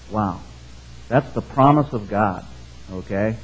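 A man's voice: on the low side, takes it slowly, long pauses, darkish tone, slightly rough. A man preaching a sermon, reading scripture and often checking in with his congregation. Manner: conversational, keeps checking in with the congregation. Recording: dull, muffled sound.

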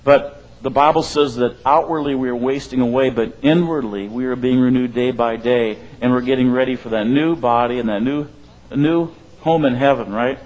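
A man preaches in a loose, conversational way, wandering through his points and checking in with the congregation as he goes. His voice sits at an ordinary middle pitch. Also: steady tone, moderate pace, a little mellow, lo-fi sound. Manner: conversational, rambling, asks "right?" often. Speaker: pastor. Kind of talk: sermon.

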